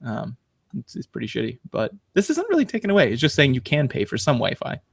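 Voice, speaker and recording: Male podcast host, loose and rambling, animated storyteller, mid-pitched, dry close mic. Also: quick pace, gravelly, slightly rough, no echo. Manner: rambling, lots of fillers and restarts; animated storyteller, laughs while talking. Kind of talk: casual chat.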